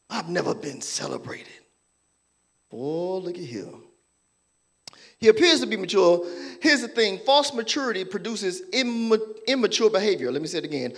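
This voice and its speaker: A male pastor delivers a lively sermon, his voice sitting unusually high. His pitch leaps around as he acts out church folks' voices and jokes with the congregation. Animated and playful, he keeps the room laughing. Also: normal speed.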